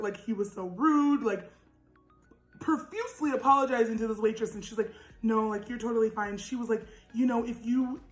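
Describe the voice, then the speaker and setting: A young woman with a naturally loud voice telling a storytime vlog, animated and laughing, with lots of "like". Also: fairly high pitch, echoey room, low-quality recording. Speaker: vlogger.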